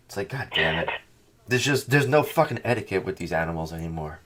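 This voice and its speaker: A man hosting a podcast in casual chat, talking in a profane, animated, mocking way into a headset or phone mic on a call. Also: deep voice, fast. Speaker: podcast host.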